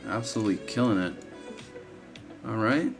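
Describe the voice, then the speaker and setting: Music plays behind this man's lowish voice as he runs a live trading stream at normal speed. Worn out from too little sleep, he yawns through blunt, casual market talk, swearing a lot and repeating himself.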